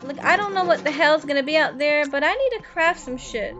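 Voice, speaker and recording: Brief: high, chatty woman streamer, swears freely and greets chat by name, dull lo-fi mic. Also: expressive, a little fast, fairly bright tone. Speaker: livestreamer. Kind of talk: casual live-stream chat while gaming.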